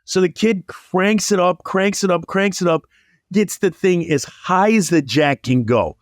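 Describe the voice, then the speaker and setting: A man telling a long story in casual chat, animated and rambling. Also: high-pitched, a little slow, no echo, studio quality. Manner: animated, rambling, lots of likes.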